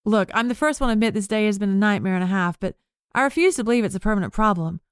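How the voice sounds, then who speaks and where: A woman's voice: mid-range voice, rapid-fire, clear, resonant tone, no echo, studio quality, voice pushed up, close to an everyday voice. A woman narrator voicing a spirited young woman with unruly powers, exasperated and determined.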